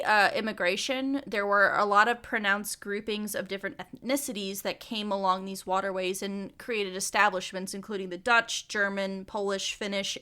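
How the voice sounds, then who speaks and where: A woman's voice: mid-range voice, sharp tone. A young woman co-hosting a casual research podcast, chatty with laughing asides and many fillers. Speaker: podcast co-host.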